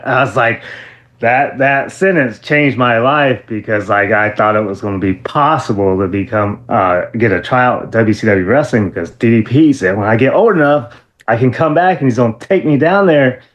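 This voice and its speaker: A man of middle pitch telling stories as an interview guest. He talks casually, stumbling through restarts and fillers and laughing often. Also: moderate pace. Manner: animated, acts out quotes in a high excited voice. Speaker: interview guest, former wrestler.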